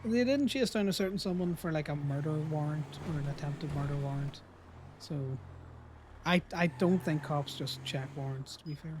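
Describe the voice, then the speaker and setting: Brief: man with a high voice, sarcastic banter from the cab of a tow truck, faint hiss behind. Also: normal speed, a little mellow. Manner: joking, sarcastic. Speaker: tow truck driver roleplayer. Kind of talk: casual roleplay chat.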